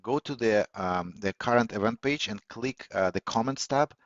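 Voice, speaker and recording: Low-voiced man on a dull call line. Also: no room sound. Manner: measured, with many filler words and restarts. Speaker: host and speaker of a live audio session. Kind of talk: teaching talk on listening skills. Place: online audio call. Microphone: computer or phone mic on a call. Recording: dull, lo-fi audio call, dry.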